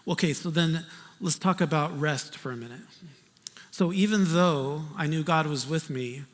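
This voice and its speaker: A male pastor preaching a storytelling sermon in a conversational, animated way, swinging between loud and hushed. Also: fairly high pitch. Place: church sanctuary. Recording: reverberant church hall.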